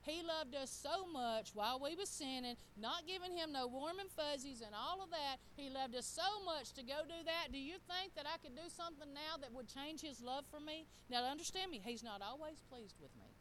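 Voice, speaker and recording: A woman's voice: sits high, expressive, normal speed, hardly any pauses, fairly bright tone, slight background noise, rough recording. A middle-aged woman preaching a sermon, talking straight to the congregation in a folksy way.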